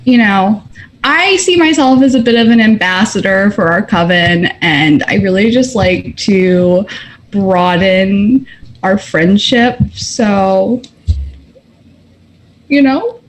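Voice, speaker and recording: A woman's voice: medium pitch, slow. A woman playing a tabletop game in character, talking in a rambling, chatty way full of fillers. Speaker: player.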